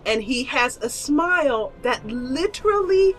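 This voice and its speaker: A woman's voice: high voice, expressive, measured pace, fairly bright tone. Giggly woman running a tabletop game. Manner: playful, giggly storytelling with flowery descriptions. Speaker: game master. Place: online voice call.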